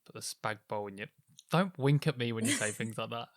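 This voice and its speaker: A man's voice: on the low side, brisk, dry recording, clean studio sound. A young man co-hosting a podcast, upbeat and teasing in a casual chat. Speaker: podcast co-host.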